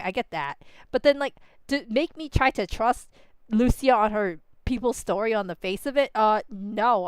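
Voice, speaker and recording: A woman streaming a game and ranting about its plot, animated and swearing freely. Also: on the high side, smooth, no echo. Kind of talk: casual reaction commentary.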